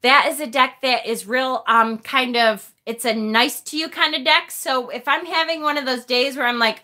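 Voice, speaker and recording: A woman's voice: sits high, moderate pace, few pauses, bright, forceful tone. A woman hosting a casual tarot livestream, chatting with viewers in a self-deprecating way, laughing often and swearing casually. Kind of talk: casual livestream chat, reading viewer comments.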